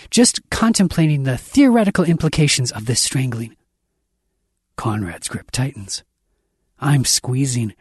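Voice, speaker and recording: A man reading a dark science fiction story aloud, intense and dramatic, raising his voice for the characters' shouts. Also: mid-range voice, animated, measured pace, slightly rough, no room sound, clean studio sound. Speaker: audiobook narrator.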